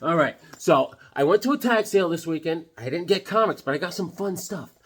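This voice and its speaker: A man chatting casually as a comic book vlogger, joking and rambling with sudden loud bursts while he shows off his sketches. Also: a little high, moderate pace, hardly any pauses. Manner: excitable, jokey, rambling, with sudden loud outbursts. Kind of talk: casual chat showing sketches.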